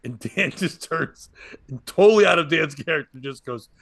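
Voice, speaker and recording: A man's voice: fairly high pitch, lively intonation, normal speed, vocal fry, fairly bright tone, dry recording, clean studio sound. A man, a comedian and podcast host, tells a rambling stand-up story and acts out other people's lines as he goes.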